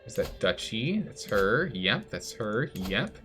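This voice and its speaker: A man's voice: lowish voice, big pitch swings, slow pace, pushed and bright, faint music behind. A man streaming a strategy game live, chatty, thinking aloud and answering chat as he plays. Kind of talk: live gameplay commentary.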